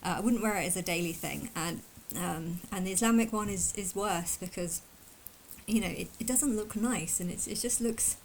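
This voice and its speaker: A woman vlogger talking fast in a casual, emphatic and indignant opinion monologue. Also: lowish voice, slight background noise, rough recording. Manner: fast talker.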